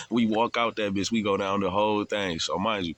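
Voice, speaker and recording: Deep-voiced man telling a story. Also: steady tone, normal speed, fairly bright tone. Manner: loose, profane, laughing storyteller. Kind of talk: casual storytelling.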